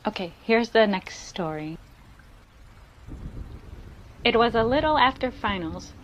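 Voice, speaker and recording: A young woman reading a written scary story aloud in a steady, measured way. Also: on the high side, muffled recording, a little hiss or hum.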